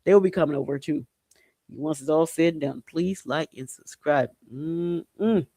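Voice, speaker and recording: Haitian-born guy doing a chatty podcast rant, kinda high voice, slangy, lots of whoops, dry close sound. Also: measured pace, dry recording. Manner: animated, slangy, with loud whooping exclamations. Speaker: podcast host. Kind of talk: casual commentary monologue.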